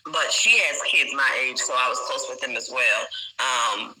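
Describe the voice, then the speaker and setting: A man's voice: fairly high pitch, sing-song, moderate pace, pushed and bright, rough recording. A man chatting as an interview guest, rambling with frequent fillers and laughs. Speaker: guest teacher living in China. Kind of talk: casual interview chat.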